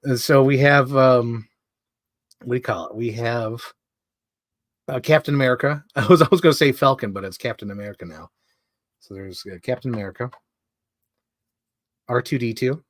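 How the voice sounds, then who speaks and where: A man's voice: medium pitch, normal speed, long pauses, no room sound, clean studio sound. A man live streaming, chatting casually and rambling with lots of fillers as he shows off collectibles. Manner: chatty, rambling fan talk with many fillers. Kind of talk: casual chat.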